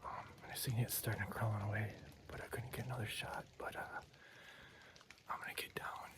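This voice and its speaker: A man with an Upper Midwest accent whispering excitedly from a tree stand in the woods, shaking from cold. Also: lowish voice, a little fast. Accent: Upper Midwest American. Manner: hushed, excited whisper with fillers. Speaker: hunter filming himself. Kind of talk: whispered hunting vlog. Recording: loud wind and rain noise outdoors.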